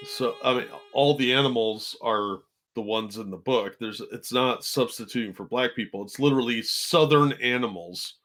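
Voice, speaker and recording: A man co-hosting a casual stream chat, explaining his views in a steady, opinionated way. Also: medium pitch, moderate pace, hardly any pauses.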